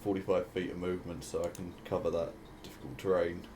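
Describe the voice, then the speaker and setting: A man talking as a player in a tabletop game, blunt and animated as he describes his attack. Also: low-pitched, fast talker, a little hiss or hum. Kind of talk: casual tabletop game chat.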